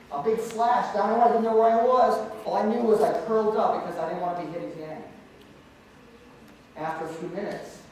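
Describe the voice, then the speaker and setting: High-voiced man in an echoey hall. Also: a little mellow. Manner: storytelling, joking with the audience, calling out questions to students. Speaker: anti-bullying speaker and martial arts teacher. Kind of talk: school assembly talk. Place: large echoey school hall with student audience. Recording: echoey hall from far off, faint noise.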